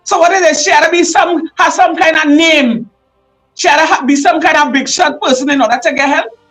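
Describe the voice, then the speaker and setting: Woman, Trinidadian accent, livestream host, impassioned, raised voice, soft music behind. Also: sits high, fairly quick, low-quality recording. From Trinidad and Tobago. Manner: emotional and fired up, often raising her voice. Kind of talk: impassioned live commentary.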